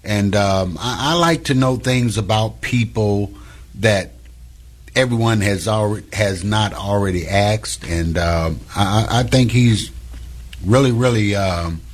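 A man's voice: lowish voice, slow. A man hosting a call-in radio talk show, speaking in an easygoing, slangy way and repeating words as he searches for them.

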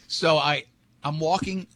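Radio host, male, husky voice, rambling anecdotes in loose studio banter. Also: fairly high pitch, fairly bright tone. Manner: rambling storyteller, many restarts.

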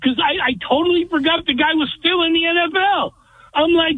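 A man's voice: very high voice, a little fast, no echo. A man calling in to a sports radio show, blunt and opinionated. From California. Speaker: caller. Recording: tinny phone line.

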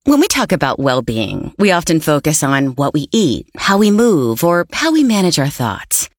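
Low-voiced woman, dry ad read. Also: very animated, normal speed, no room sound. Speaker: ad announcer. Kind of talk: calm scripted ad read.

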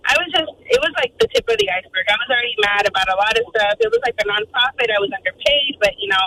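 A woman calling into a radio show, telling a story in a lively way and acting out the people in it. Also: a little high, racing, hardly any pauses. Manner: animated, quotes people in voices. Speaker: caller. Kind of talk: phone-in storytelling. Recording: phone line with faint noise.

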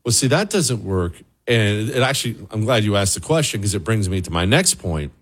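A male talk show host with a lively, swooping delivery. He runs a sarcastic political monologue and answers viewer questions as he goes. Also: on the low side, brisk, slightly rough.

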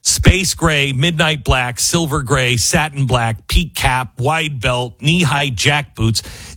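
A man delivers casual political commentary, drifting into sardonic asides as he goes. His voice has a husky, slightly breathy grain. The sound is dry and close, with no room around it. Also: medium pitch, slow, fairly bright tone, no echo.

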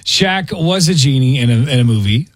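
A man's voice: mid-range voice, animated, a little fast, dry recording. A man hosting a radio morning show, talking in blunt, sarcastic banter. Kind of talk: casual studio banter. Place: radio studio.

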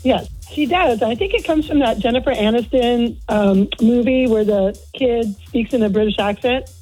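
A woman's voice: fairly high pitch, moderate pace, dark tone, slightly rough, faint music behind, poor audio. A middle-aged woman calling in to a radio show and chatting about her daughter. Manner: chatty, storytelling. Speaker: caller. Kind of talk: casual phone-in chat.

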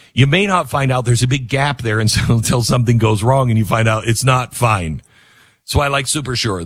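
A middle-aged man hosting a talk radio show, rambling and self-deprecating, reading ads live and leaping into a high mocking voice. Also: slightly rough, no echo.

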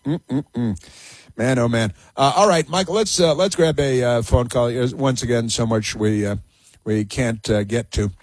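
A man's voice: mid-range voice, unhurried, dry recording. A man hosting a political talk radio show, sarcastic and scornful, with many filler sounds.

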